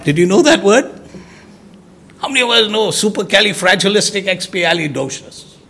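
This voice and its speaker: A man preaching a sermon, emphatic, swinging from loud exclamations to soft low words. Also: expressive, moderate pace, creaky, husky.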